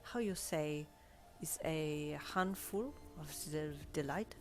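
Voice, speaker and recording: Brief: woman voicing a flirty French driver in an audio fanfic, put-on French accent, low and even, soft backing music. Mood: playful. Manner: charming, flirtatious, slow and deliberate. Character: suave French male valet driver. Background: faint backing music.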